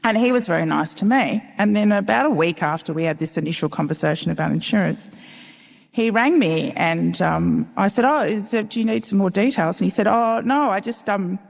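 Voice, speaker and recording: A woman's voice: medium pitch, a little fast, creaky. Wry Australian woman telling a story live. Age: middle-aged. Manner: wry, animated, acts out dialogue. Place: large town hall stage before an audience. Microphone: stage mic. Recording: long hall reverb, live event.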